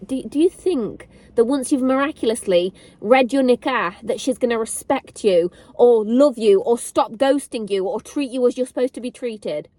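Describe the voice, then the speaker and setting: An earnest woman with a fairly high voice speaks straight to camera. She keeps asking her listeners the same pointed questions and slows down to lean on the lines that matter most. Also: darkish tone, no room sound. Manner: earnest, direct, repeats rhetorical questions to listeners; slow and deliberate on key lines. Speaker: online faith and relationship advice creator. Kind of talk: heartfelt personal talk to camera.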